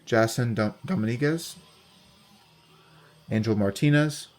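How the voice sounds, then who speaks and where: A young man casually talking through a card unboxing, reading off player names in a steady, relaxed list. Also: medium pitch, takes it slowly, slight background noise. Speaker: card collector unboxing host.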